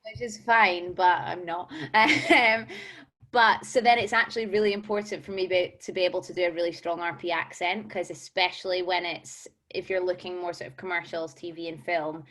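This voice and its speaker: Chatty Glaswegian woman, low voice. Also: fairly even intonation, moderate pace, fairly bright tone. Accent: Glaswegian Scottish. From Scotland. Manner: candid, chatty, frequent fillers. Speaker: performer sharing audition advice. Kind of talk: casual panel discussion.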